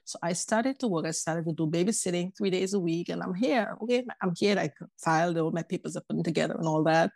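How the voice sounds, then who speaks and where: Low, gravelly woman telling her story. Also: fast talker, few pauses, dry recording. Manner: animated, acts out quoted voices. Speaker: podcast guest. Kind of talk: casual personal storytelling.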